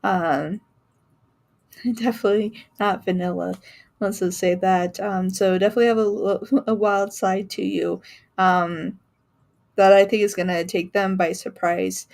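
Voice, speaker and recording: A woman giving a live-stream tarot reading in a chatty way, laughing often and filling pauses with ums. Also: mid-range voice, steady tone, gravelly, a little mellow. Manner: chatty, laughing, many fillers. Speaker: tarot reader.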